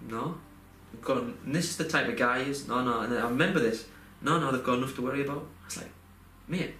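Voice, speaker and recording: Talking fast in a bright, pushed, medium-pitched voice, this young man rambles through a heartfelt personal story full of fillers and false starts. The setting is a laid-back podcast conversation, captured with a roomy echo and a little background noise.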